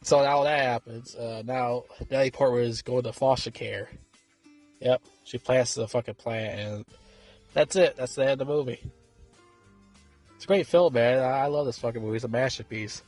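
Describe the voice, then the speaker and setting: A man reviewing a movie in a loose, rambling way, swearing often and stumbling through fillers and restarts. His voice sits at a middle pitch. It is recorded dry, with faint music underneath. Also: moderate pace, darkish tone, dry recording. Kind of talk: casual film review.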